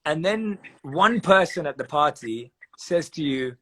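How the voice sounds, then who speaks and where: A man on a live video call giving measured advice, walking through examples step by step and repeating phrases for emphasis. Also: fairly high pitch, lively intonation, fairly bright tone. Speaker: guest speaker on meditation. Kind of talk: calm explanatory advice on a live video chat.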